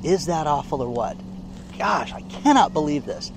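A man's voice: on the high side, big pitch swings, normal speed, noisy background. Indignant man in a news vlog. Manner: indignant, emphatic, keeps asking "okay?". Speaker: online commentator. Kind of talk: casual news commentary vlog.

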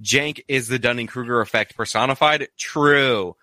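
Bright-voiced man reading super chats. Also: medium pitch, moderate pace, dry recording. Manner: rambling, many "like" fillers, laughs often. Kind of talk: casual live-stream chat.

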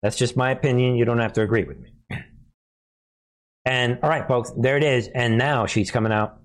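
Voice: mid-range voice, fairly even intonation, moderate pace. A commentary host who talks to viewers as folks, sarcastic and often laughing. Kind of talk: casual online commentary.

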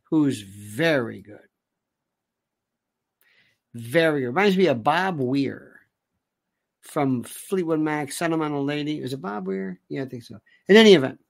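A man's voice: on the high side, creaky. A man hosting a political commentary show, talking emphatically and repeating his points. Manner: emphatic, repetitive, hammering points home. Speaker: talk show host.

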